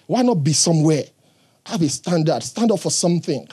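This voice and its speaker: Earnest male preacher with a husky voice. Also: a little high, animated, moderate pace, warm tone. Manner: earnest, emphatic, questions to the congregation. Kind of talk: sermon.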